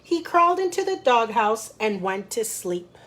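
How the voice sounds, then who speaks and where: A woman's voice: on the high side, big pitch swings, measured pace, fairly bright tone. A woman librarian leading a children's storytime, chatting directly to young listeners and reading a picture book aloud.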